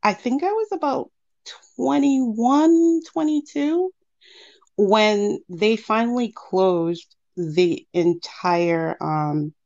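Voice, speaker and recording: A woman's voice: mid-range voice, vocal fry. Woman caller telling a ghost story, muffled line. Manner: animated, acts out quotes, many fillers. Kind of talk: casual storytelling. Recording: muffled lo-fi call audio.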